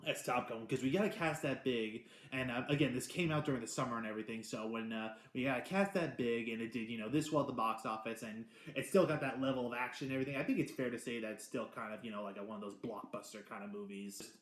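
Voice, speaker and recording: A man hosting a casual movie review, talking in an excitable, rambling way with many restarts and the odd swear word. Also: medium pitch, quick pace, hardly any pauses. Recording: roomy echo.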